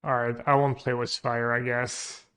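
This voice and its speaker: Male streamer, mid pitch, mutters his plays aloud and cracks jokes with chat. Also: level tone, moderate pace. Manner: muttering, trailing off quietly; joking banter with chat. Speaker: streamer playing a card game. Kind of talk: thinking aloud while playing.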